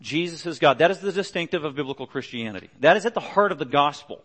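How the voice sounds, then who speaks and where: A middle-aged male pastor preaching a sermon earnestly, pressing harder and louder on key points. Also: a little high, animated, fast, few pauses.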